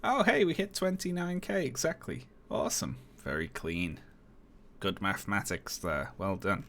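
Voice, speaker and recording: A male streamer with a lowish voice that swings widely in pitch, chatting casually and chuckling as he reads text off the screen. He adds dry little remarks between lines, over a faint hum of background noise. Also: expressive, normal speed, fairly bright tone. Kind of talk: casual live-stream chat.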